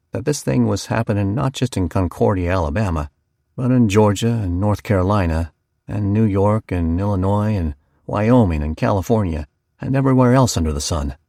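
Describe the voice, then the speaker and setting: Male audiobook narrator, deep, dry, folksy storyteller. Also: creaky, dark tone, no room sound. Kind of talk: first-person audiobook narration.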